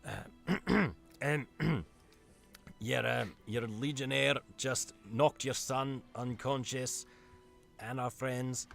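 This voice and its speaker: Slow, gravelly male player. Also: mid-range voice, soft background music. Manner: hesitant, questioning. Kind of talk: casual tabletop play.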